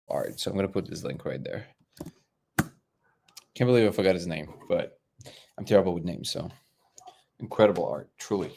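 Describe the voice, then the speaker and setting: A man's voice: fairly low pitch, creaky. A man hosting a casual livestream chat, talking in a rambling, hesitant way with many fillers and restarts, sometimes moving away from the mic. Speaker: livestream host.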